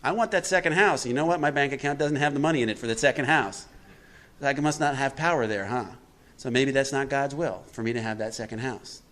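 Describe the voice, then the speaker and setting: A man giving a recovery workshop talk, asking his listeners questions and answering them himself, acting out quotes with big swings in pitch and loudness. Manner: preachy, asks the room questions and answers them; acts out quotes with animated swings in pitch and volume. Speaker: workshop speaker.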